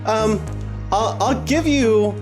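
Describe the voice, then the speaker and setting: A woman's voice: fairly high pitch, slow pace. A woman playing a noblewoman in a tabletop game, talking in a hesitant, playful, dreamy way. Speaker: player. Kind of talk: in-character tabletop role-play. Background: music.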